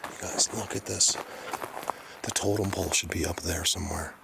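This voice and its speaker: Deep-voiced man, hushed and excitable outdoors. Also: moderate pace, creaky, heavy background noise. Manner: hushed, excitable, often drops to a whisper. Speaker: outdoor explorer vlogger. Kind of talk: casual narration to camera. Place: outdoors in woods.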